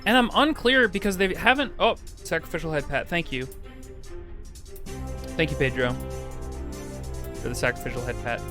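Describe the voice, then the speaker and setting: A young man chatting casually with his viewers while he livestreams a game, greeting people by name and talking in an animated way. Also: on the high side, normal speed, pauses often. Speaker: streamer. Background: game music.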